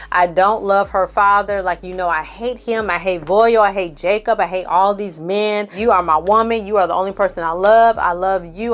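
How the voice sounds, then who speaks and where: A woman's voice: medium pitch, lightly acted. A woman voicing a desperate woman who pleads and scolds, in her own voice, while retelling a scene. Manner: pleading, then firm and scolding.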